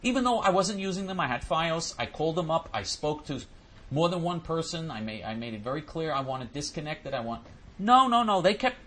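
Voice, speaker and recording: Male host, animated and indignant, tumbling over repeated words; a bright, breathy voice. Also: on the high side. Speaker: host answering listener questions. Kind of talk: ranting monologue.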